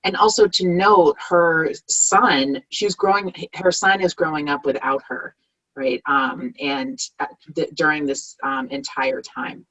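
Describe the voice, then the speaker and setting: A woman giving an online workshop talk as a community organizer, earnest and halting, with frequent pauses and restarts. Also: deep voice, steady tone, a bit bright, rough recording. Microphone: video call.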